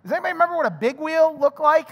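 A male pastor giving an animated, chatty sermon, telling a personal story and asking the congregation questions. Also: extremely high pitch, very fast. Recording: long hall reverb.

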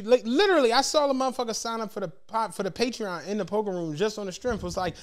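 A Philadelphia man co-hosting a podcast chats casually, rambling through long stories and acting out what other people said. His voice sits high, and he talks quickly with few pauses.

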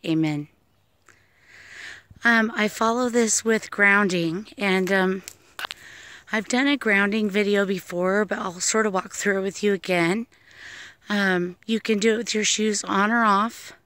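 A woman psychic medium talking calmly and gently outdoors by a pond, in a casual vlog that moves into a spoken prayer. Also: mid-range voice, a little slow, clear, resonant tone. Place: outdoors by a pond among trees.

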